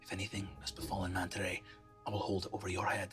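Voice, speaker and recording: A man's voice: low-pitched, completely flat delivery, fast talker, a bit bright, soft background music, pitched below the performer's own voice. A man voicing a mysterious, menacing male voice that answers a magic message, in whispered role-play. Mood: grave. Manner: grave, threatening.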